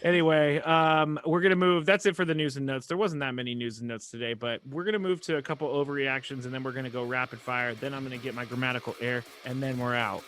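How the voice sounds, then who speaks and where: Bright-voiced jokey podcast host man. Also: medium pitch, quick pace, hardly any pauses. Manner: jokey, animated, running the segments. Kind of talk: casual sports podcast chat.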